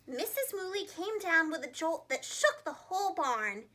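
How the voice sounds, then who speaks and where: A young woman, a preschool teacher, reading a children's storybook aloud with an expressive delivery. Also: extremely high pitch, moderate pace, a little hiss or hum.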